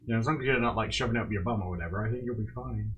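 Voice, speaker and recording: A man streaming live, chatting casually and excitably with his viewers and laughing often. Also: fairly low pitch, very fast, dull audio. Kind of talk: casual live-stream chat while drawing.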